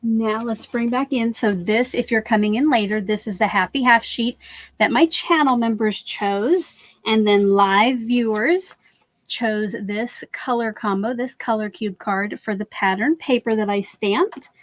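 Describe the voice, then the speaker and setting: A woman's voice: a little high, measured pace, no room sound. Casting note: friendly woman craft host, chatty live-stream demo, dry close sound. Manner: chatty, talks viewers through each step.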